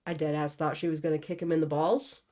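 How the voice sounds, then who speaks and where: A woman's voice: deep voice, little pitch movement, fast, darkish tone. A young woman reading a novel aloud and breaking off for casual, joking commentary. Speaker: book channel host.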